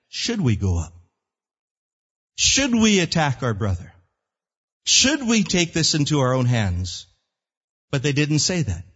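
Animated husky male preacher in a hall. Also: on the high side. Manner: animated preaching, acts out prayers in character voices. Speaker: pastor. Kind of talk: sermon. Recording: dull lo-fi church hall recording.

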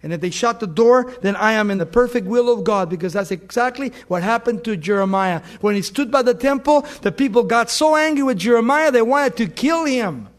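A middle-aged man preaching a sermon, telling stories and swinging from loud emphatic bursts to soft hushed words. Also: very high-pitched, animated, a little fast, few pauses. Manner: storytelling with anecdotes, fillers and restarts.

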